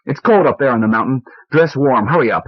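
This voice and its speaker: A man's voice: medium pitch, animated, fast, lightly acted. A man voicing a sickly, petulant husband who whines and complains, on a muffled old cassette recording. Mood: whiny. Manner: whiny and complaining.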